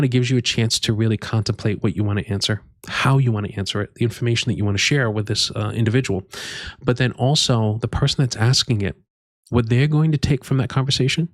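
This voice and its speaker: A man presenting career advice in an unhurried, measured way, with frequent fillers and restarts. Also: medium pitch, dry recording, studio quality. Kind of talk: instructional talk to camera.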